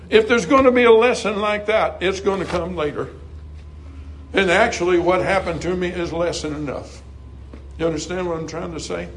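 A middle-aged man preaching a sermon earnestly, climbing to emphatic highs and dropping to soft, quiet passages. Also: a little hiss or hum, low-quality recording.

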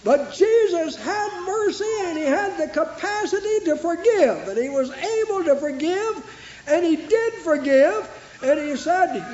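A male preacher delivering a fervent sermon in a strikingly high voice. He speaks slowly and builds through rhythmic repetition into shouts. The recording is roomy and echoing, with a dull, muffled lo-fi tone. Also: lively intonation, a little hiss or hum.

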